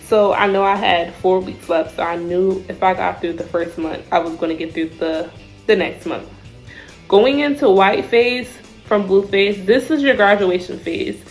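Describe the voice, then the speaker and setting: A young woman telling, in a casual vlog, about her time in Army basic training, with frequent fillers and lively drill-call shouts. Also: mid-range voice, low-quality recording. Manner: animated storyteller, shouts out drill calls; says "like" and "I remember" often.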